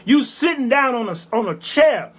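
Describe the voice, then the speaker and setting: A man in his fifties hosting a show, delivering a fiery, scolding monologue with repeated hammering phrases and bursts of shouting. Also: very high voice, expressive, moderate pace, husky. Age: 50s. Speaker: show host. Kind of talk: ranting monologue.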